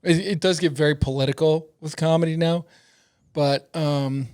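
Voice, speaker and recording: A middle-aged man with a slightly higher voice tells loose, rambling stories as a comedian guest. He swears freely and laughs between lines in an easygoing interview chat. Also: steady tone, normal speed, a little mellow, clear, resonant tone. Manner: profane, rambling, laughs a lot. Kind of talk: casual storytelling interview.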